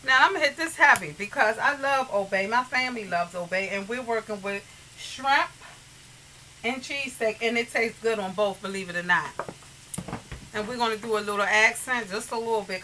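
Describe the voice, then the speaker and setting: A woman's voice: a little high, bright, forceful tone, a little hiss or hum, rough recording. A woman hosting a casual cooking tutorial in her home kitchen, chatty and homey, often calling viewers "you guys", with pots and dishes clinking behind her. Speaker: cooking channel host. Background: pots, pans and dishes clinking.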